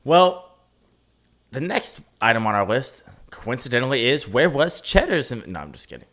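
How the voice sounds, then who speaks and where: A young man hosts a casual podcast quiz. His voice is mid-pitched, bright and animated, with wide swings in pitch. He teases his co-host and laughs often. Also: normal speed. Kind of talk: casual chat.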